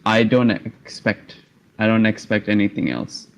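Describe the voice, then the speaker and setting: A man's voice: lowish voice, fairly even intonation, a little slow, gravelly, rough recording. A man chatting casually on a podcast, making dry, blunt remarks with the odd swear word. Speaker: podcast co-host or guest. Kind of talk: casual chat.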